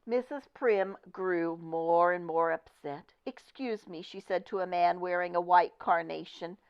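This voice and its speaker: A woman reading a children's picture book aloud with expressive, deliberate storytelling. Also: fairly low pitch, clear, resonant tone. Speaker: storybook reader. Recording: dull lo-fi recording.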